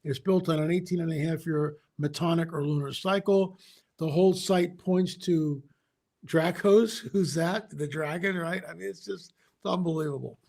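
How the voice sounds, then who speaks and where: A man as an interview guest, telling a story in an animated way, often restarting his sentences. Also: a little high, moderate pace, gravelly. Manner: animated, re-enacts dialogue, frequent restarts.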